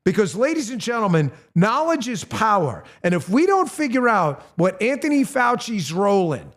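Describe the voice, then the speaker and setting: A man's voice: sing-song, normal speed, fairly bright tone. A middle-aged man hosting a political commentary show, talking bluntly and getting heated, with swearing. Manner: blunt, heated, swears and rises in pitch when angry. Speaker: host.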